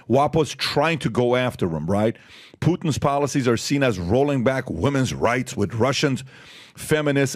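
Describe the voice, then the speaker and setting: A man's voice: medium pitch, no room sound, studio quality. A man hosting a talk podcast, reading news items aloud and breaking in with pointed comments. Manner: reads headlines aloud, then breaks in with sharp asides. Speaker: podcast host.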